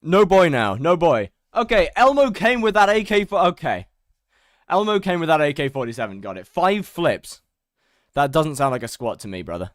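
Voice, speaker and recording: Young male streamer, high pitch, casual self-mocking chat with viewers. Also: no echo, studio quality. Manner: chatty, greets chat by name, self-mocking. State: out of breath.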